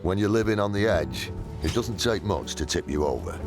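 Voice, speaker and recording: A man reading scripted documentary narration in a measured, wry way. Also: low-pitched, sing-song. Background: music.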